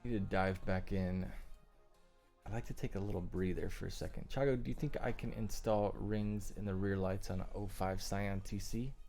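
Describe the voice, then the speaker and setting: Low-voiced guy, easygoing streamer talking shop over faint music. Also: steady tone, moderate pace, vocal fry, darkish tone. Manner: laid-back, talks to chat between tasks. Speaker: livestream host working on car lights. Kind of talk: casual livestream chat while working.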